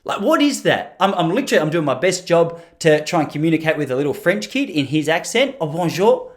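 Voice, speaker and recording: A man's voice: fairly high pitch, very animated, quick pace. An Australian man hosting a podcast, chatting casually to camera in a joking, rambling way. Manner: joking, rambling, slips into playful mimicry. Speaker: podcast host.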